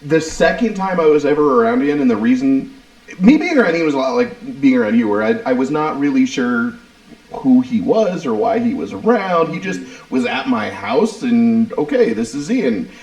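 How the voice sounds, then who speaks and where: A man's voice: on the high side, moderate pace, vocal fry, dull audio. A man co-hosting a podcast, telling stories in casual, profane chat with friends. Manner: animated, profane storyteller acting out quotes. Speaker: podcast co-host. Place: room shared by three hosts. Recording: echoey room.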